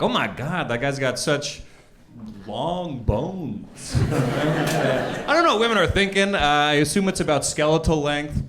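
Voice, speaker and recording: Dry self-deprecating young male comic. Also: mid-range voice. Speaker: stand-up comedian. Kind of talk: stand-up set. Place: comedy club stage. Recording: live club recording with audience noise. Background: audience laughter.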